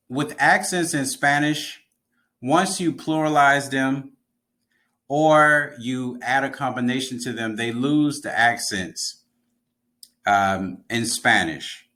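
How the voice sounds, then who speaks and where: A man's voice: mid-range voice, slow, fairly bright tone. A man teaching an online language lesson, explaining patiently and repeating key words.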